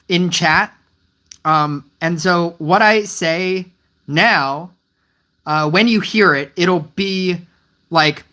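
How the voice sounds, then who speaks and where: A mobile game streamer with a mid-range voice chats live with viewers, rambling and sounding puzzled. They restart often and gently tease the chat.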